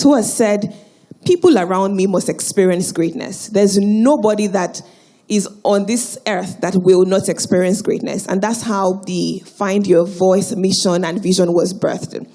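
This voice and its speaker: A woman's voice: medium pitch, dark tone. A woman hosting a live conference on stage, rousing the crowd with call-and-response prompts. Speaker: event host. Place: large auditorium stage.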